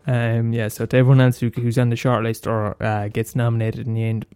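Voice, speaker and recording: A man's voice: medium pitch, completely flat delivery, a little fast, a little mellow, clear, resonant tone, dry recording, faint music behind. Sweary Irish man ranting on a podcast. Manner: sweary, blunt, self-mocking, repeats lines for effect. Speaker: podcast host. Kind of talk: solo comedic podcast rant.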